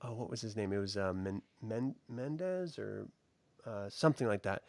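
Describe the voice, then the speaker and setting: A middle-aged man in casual podcast chat, telling stories in a profane, animated way with frequent laughs. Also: on the low side, normal speed, gravelly, no echo, studio quality. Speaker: co-host reviewing a baking show.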